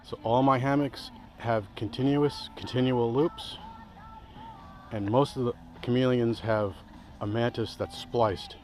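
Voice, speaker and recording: Rambling, excitable man showing off camping gear. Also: medium pitch, unhurried, low-quality recording. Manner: enthusiastic, rambling, self-interrupting. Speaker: outdoor gear reviewer. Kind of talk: casual gear demo vlog. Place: outdoors by a hammock among trees.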